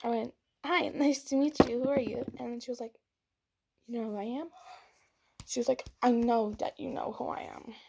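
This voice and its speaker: A woman's voice: fairly high pitch, steady tone, moderate pace, gravelly, warm tone, slight background noise. A young woman telling a dramatic storytime about a fight, with whispered asides and acted quotes. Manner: dramatic retelling, whispering asides, quoting in voices. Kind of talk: storytime vlog.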